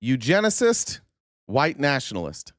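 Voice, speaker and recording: A man's voice: medium pitch, wildly swooping pitch, a little slow, slight background noise. A man hosting a political commentary livestream, earnest and indignant, stumbling over restarts and losing his voice. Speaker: host.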